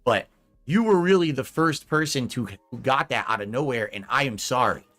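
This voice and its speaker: A man's voice: medium pitch, moderate pace, fairly bright tone. A man hosting a podcast, talking in an apologetic, rambling way in a casual conversation. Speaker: podcast host.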